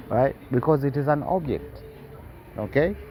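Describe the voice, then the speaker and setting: A man reading news reports aloud and breaking in with sarcastic commentary, halting often and tagging lines with questions. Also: mid-range voice, animated, mellow, rough recording. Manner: halting, with many fillers and restarts.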